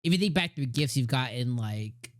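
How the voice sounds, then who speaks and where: A man's voice: medium pitch, expressive, moderate pace, no echo, studio quality. A middle-aged man casually reviewing an anime episode, gushing and rambling with many fillers.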